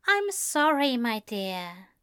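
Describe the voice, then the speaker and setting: Woman reader as a nervous, courteous male angel in a storybook: high, stammering, formal. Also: big pitch swings, takes it slowly, a bit bright, dry recording, clean studio sound, exaggerated voice. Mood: earnest. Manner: hesitant, stammering, polite. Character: fretful, gentle male angel, soft-spoken and formal.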